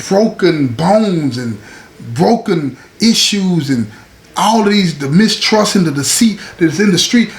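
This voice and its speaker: A man hosting his own show, telling a story in a casual, conversational way, often checking in with "right?". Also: high voice. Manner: conversational, frequent "right?" and "you know what I'm saying". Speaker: host. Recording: echoey room with faint ambient noise.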